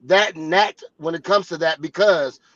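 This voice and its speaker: A man explaining his view on a casual podcast panel in a measured way, with occasional swearing. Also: a little high, fairly bright tone, no echo. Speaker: panel guest. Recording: dull, dry, lo-fi sound.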